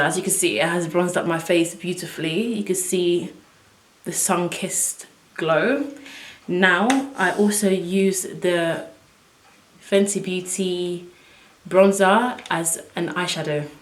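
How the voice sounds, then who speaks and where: A woman chatting to viewers as she works through a casual makeup tutorial at home, excitable and talking as she goes. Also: fairly low pitch, slow pace. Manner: chatty, excitable, talks to viewers while working. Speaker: beauty vlogger. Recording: echoey room.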